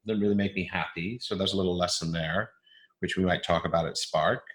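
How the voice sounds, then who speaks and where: A man's voice: low-pitched, fairly even intonation, fairly quick, a bit bright. A man in his fifties with a mixed transatlantic accent, chatting playfully and self-deprecatingly as an interview guest, often restarting his sentences. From Canada. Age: 50s. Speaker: guest speaker. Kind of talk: casual interview chat.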